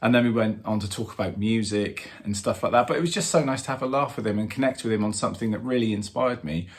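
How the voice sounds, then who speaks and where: Animated man telling a story. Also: lowish voice, quick pace. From England. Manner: animated, excited fan storytelling with many fillers. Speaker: drummer and channel host. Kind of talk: casual storytelling to camera.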